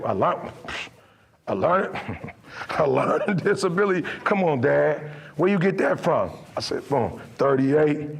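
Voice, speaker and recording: Middle-aged male motivational speaker, husky, gravelly voice, acts out dialogue in his stories and swells into impassioned preaching. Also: medium pitch. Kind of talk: motivational speech with storytelling.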